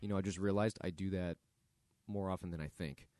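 A man's voice: sits low, steady tone, a little fast, darkish tone, faint music behind. A man hosting his own podcast, talking casually and thinking aloud with fillers. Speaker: podcast host. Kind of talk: casual solo podcast monologue.

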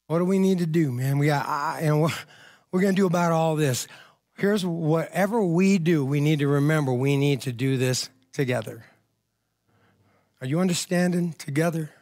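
A man's voice: fairly high pitch, darkish tone. A male pastor preaching a sermon in a church, telling a story in a conversational way and calling for amens.

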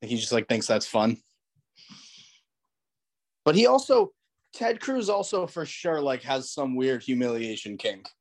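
A man's voice: medium pitch, big pitch swings, measured pace, long pauses. A young man in casual comedic chat, laughing easily and restarting his sentences as a co-host.

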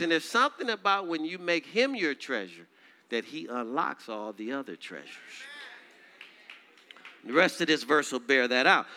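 Bright, crisp-voiced preaching pastor. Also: male voice, big pitch swings, normal speed. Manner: call-and-response preaching, urging the congregation to repeat phrases; swings from soft and low to high, loud declaiming. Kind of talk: sermon.

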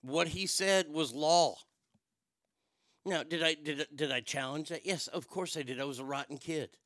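A middle-aged man telling a long personal story in a profane, wisecracking way, with quick asides and voices for the people in it. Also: on the high side, a bit bright, no room sound, studio quality. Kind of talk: casual storytelling monologue.

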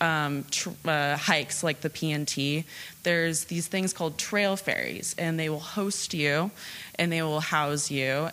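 Young woman, live storyteller, chatty, laughs a lot, lowish voice, theatre stage. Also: a bit bright. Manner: chatty, laughing, lots of fillers.

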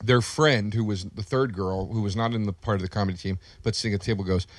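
A man's voice: fairly low pitch, fairly even intonation, quick pace, no room sound. A male comedian telling a story in casual podcast talk, acting out the quotes with plenty of life.

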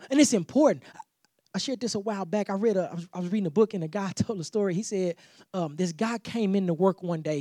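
This high-voiced man is a pastor giving a sermon, captured in clean, dry studio sound. He preaches in an animated, conversational way, repeating himself and acting out small exchanges.

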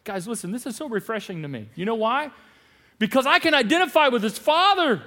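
A man preaching a sermon as pastor, animated, acting out bits of dialogue with laughs. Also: extremely high pitch, a little fast, in a large hall. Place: large church hall.

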